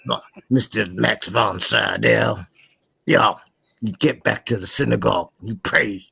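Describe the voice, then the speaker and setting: A man's voice: fairly low pitch, unhurried, creaky, bright, forceful tone, husky. A man in a casual group chat, rambling through absurd jokes.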